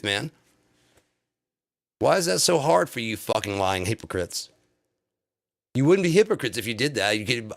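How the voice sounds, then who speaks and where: A man's voice: medium pitch, sing-song, normal speed, vocal fry, long pauses. A man on a live stream delivering an angry, profane political rant full of insults.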